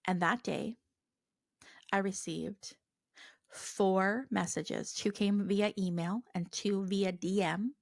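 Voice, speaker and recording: A woman hosting a spiritual podcast, talking casually and earnestly, with many fillers and soft asides. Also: medium pitch, steady tone, takes it slowly, creaky, no room sound, studio quality. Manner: chatty, earnest, many fillers, voices her own prayers softly. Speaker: podcast host.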